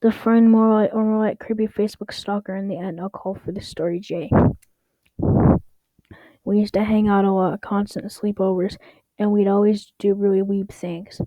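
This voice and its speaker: A woman's voice: mid-range voice, fairly even intonation, moderate pace, no echo, lo-fi sound. A young woman reading online stories aloud in a casual way, stumbling over words and adding wry asides. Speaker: story reader.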